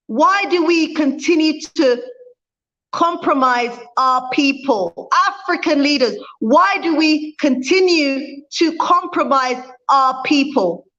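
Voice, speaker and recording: This woman talks slowly in a high, somewhat bright voice, captured with dull audio. She's a vlogger giving impassioned livestream talk, hammering her points through repetition. Between them she reads out comments from viewers.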